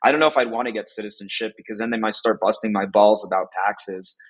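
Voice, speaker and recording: A man's voice: on the low side, steady tone, fast, slightly rough. A man from the United States chatting casually as a podcast guest, rambling with lots of fillers and frequent laughs.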